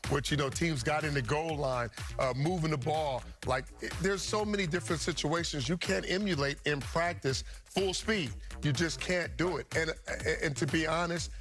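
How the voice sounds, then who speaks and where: A man's voice: a little high, normal speed, hardly any pauses. A man working as a studio football analyst, explaining at length and restarting his sentences. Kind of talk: studio sports talk. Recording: music bed underneath.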